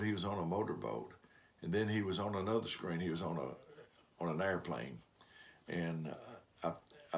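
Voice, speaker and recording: A grandfather-aged man with a deep, low-pitched voice and a drawl. He tells down-home stories in plain, homespun grammar and drifts from one thought to the next, in the way of a devotional talk. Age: older. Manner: rambling storyteller, homespun grammar. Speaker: preacher.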